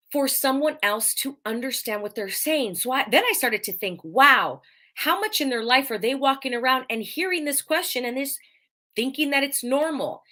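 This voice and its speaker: Lively, bright-voiced woman telling a story. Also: fairly high pitch. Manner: animated storyteller, emphatic repetition, acts out quoted voices; stresses speaking clearly, careful diction. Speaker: host of a live podcast show. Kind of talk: casual live-stream monologue.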